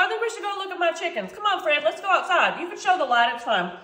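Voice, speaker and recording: Bubbly high-voiced woman vlogger. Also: very animated, quick pace, few pauses, pushed and bright, roomy sound. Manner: chatty, bubbly, constantly addresses viewers as y'all. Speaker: vlog host. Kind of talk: casual chatty cooking vlog. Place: home kitchen, then a sunny backyard chicken coop.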